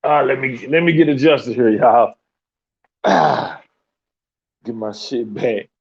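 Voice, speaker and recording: A man's voice: mid-range voice, slow pace, husky, muffled recording. A man hosting a podcast, telling a story in a loose, profane way and laughing often. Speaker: podcast host.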